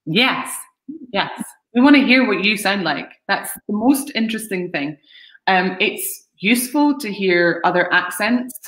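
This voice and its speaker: A woman's voice: medium pitch, expressive, measured pace, fairly bright tone. A woman talent agent, a guest on a live-streamed Q&A, giving frank, practical answers with a few hesitant restarts over a video call. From Scotland. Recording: roomy echo.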